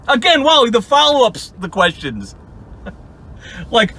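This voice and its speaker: A young man with a high, bright voice rants as a channel host, mocking his target with sarcasm and plenty of swearing. He laughs often as he talks. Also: huge pitch swings, unhurried, long pauses. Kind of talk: angry ranting commentary.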